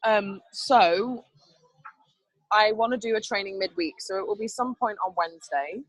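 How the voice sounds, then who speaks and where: A woman's voice: medium pitch, normal speed, no room sound, poor audio. A woman leading a team training over a video call, upbeat and chatty, laughing often. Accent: not Canadian. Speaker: team leader.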